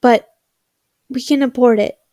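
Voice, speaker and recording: A woman's voice: fairly high pitch, steady tone, a little slow, dark tone, no echo, studio quality, lightly acted. A woman voicing a nervous middle-aged school nurse in a read-aloud story, speaking carefully and hesitantly.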